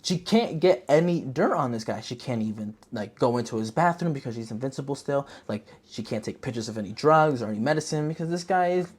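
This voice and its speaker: A podcast host chatting casually about a movie, slangy and rambling, telling the story in an animated way. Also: medium pitch, fairly quick, few pauses, slightly rough. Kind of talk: casual movie review chat.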